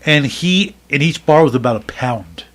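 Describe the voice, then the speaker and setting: A man in middle age spins a long, loose story on a casual podcast. His voice sits slightly high. He keeps tripping over fillers and restarts as he gets animated. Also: moderate pace. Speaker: podcast co-host.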